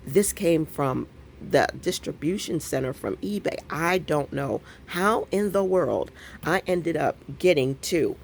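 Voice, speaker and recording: A middle-aged woman with a drawl talks straight to her viewers from home, full of laughter and animated storytelling. Her voice sits a little low, but her pitch swings widely as she goes. A faint hum of room ambience sits behind her. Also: unhurried, vocal fry. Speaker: craft vlogger. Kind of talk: casual chat to camera.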